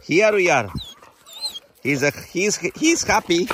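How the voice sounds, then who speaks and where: Middle-aged male shelter founder, bright and forceful voice, halting non-native English. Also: sits high, very animated, a little hiss or hum. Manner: fond, coaxing talk to the dogs. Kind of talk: casual vlog narration. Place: animal shelter.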